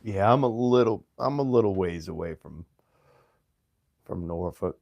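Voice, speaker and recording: A man from Virginia with a light Southern accent, chatting casually with viewers on his livestream in a relaxed, halting way, often restarting and clearing his throat. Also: sits low, no room sound, muffled recording. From Virginia, USA. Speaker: livestream host.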